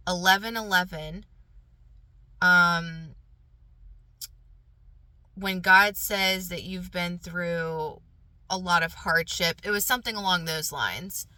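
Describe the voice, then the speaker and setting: Woman podcaster, earnest and kinda emotional, bright voice. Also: on the low side, takes it slowly, long pauses, no room sound. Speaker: podcast host and coach. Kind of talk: casual storytelling and spoken affirmations.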